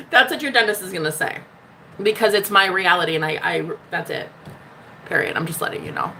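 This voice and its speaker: A woman's voice: lowish voice, expressive, brisk, gravelly, pauses often, pushed and bright, a little hiss or hum. A woman hosting a casual spiritual livestream, reading out chat messages with a bubbly, teasing manner, swearing freely and laughing often. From United States.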